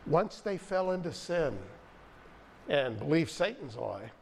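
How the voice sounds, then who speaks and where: A male pastor delivering a sermon, reading scripture aloud and stressing key phrases with slow, deliberate pauses. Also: fairly high pitch, very animated, gravelly, a little hiss or hum.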